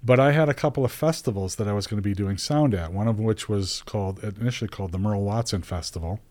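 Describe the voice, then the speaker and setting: Middle-aged man, lowish voice, casual rambling storyteller who laughs easily. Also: fast talker, a little mellow, rough recording. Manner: chatty, rambling, laughs as he talks. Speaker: guest telling a story.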